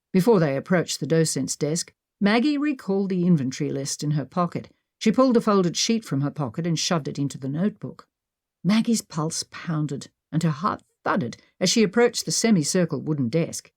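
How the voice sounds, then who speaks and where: A woman narrating a mystery audiobook with expressive storytelling. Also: low voice, dry recording, clean studio sound. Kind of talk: scripted narration.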